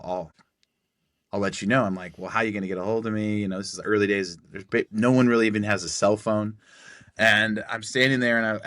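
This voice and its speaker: Podcast guest, man in his forties, lively storyteller who acts out every line of dialogue, bright edge to the voice. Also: fairly low pitch, dry recording, studio quality. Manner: animated storyteller acting out quoted dialogue.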